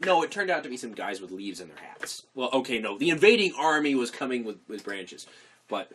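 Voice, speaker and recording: A man's voice: medium pitch, sing-song, fairly quick, bright, forceful tone, a little hiss or hum. A young man co-hosting a podcast, chatting casually and telling rambling, enthusiastic stories. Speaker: podcast co-host. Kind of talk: casual chat.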